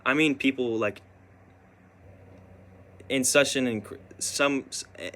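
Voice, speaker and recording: A young man telling a personal story in a rambling, halting way, full of restarts and fillers. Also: mid-range voice, a bit bright.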